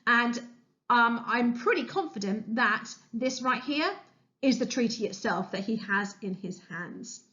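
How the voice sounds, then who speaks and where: A woman's voice: on the high side, expressive, a little slow, bright, forceful tone, dull audio. A woman history teacher giving an enthusiastic, chatty revision lesson as a voice-over, with frequent fillers. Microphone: voice-over over slides.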